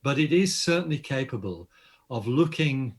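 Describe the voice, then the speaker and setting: A man's voice: medium pitch, animated, moderate pace, breathy edge. An older Australian man, an astronomer guest, explaining science enthusiastically in an interview with frequent restarts. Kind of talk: interview conversation.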